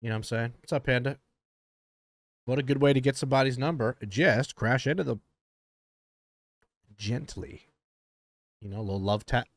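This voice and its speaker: A man's voice: medium pitch, normal speed, long pauses, no room sound. A man streaming a reaction to a TV episode, joking and riffing casually as he talks to his chat.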